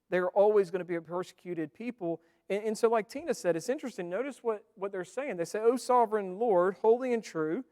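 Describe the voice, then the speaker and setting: Recorded in an echoing church hall, a man preaches in a conversational manner and frequently directs questions at the congregation. As pastor, his voice sits high with a darkish tone.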